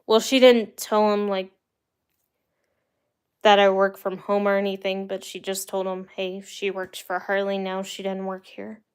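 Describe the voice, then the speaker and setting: A woman's voice: mid-range voice, little pitch movement, measured pace, smooth. A young woman from the United States hosting a livestream, telling rambling personal stories in a chatty, casual way with the odd laugh. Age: young adult. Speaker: livestream host. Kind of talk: casual storytelling to live viewers.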